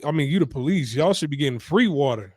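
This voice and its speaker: A man's voice: a little high, expressive, fast talker, a little mellow, dry recording, clean studio sound. A man hosting an interview, chatting casually and emphatically with lots of fillers. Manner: conversational, emphatic, filler-heavy. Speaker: podcast host.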